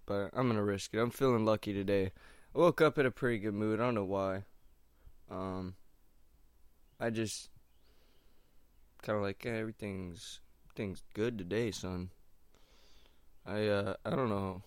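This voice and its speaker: A laid-back young man talks in a loose, wandering monologue, full of slang and side thoughts. His voice sits on the low side, and the sound is close and dry with no room echo. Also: steady tone, moderate pace, pauses often, clean tone. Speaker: stand-up comic doing open mics. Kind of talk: casual rambling monologue.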